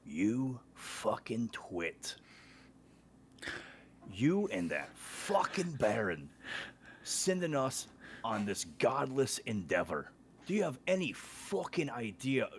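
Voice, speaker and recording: A man voicing a furious, gruff male warrior who swears and threatens. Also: medium pitch, big pitch swings, slow, slight background noise, voice pushed up. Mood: fuming. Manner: swearing, menacing.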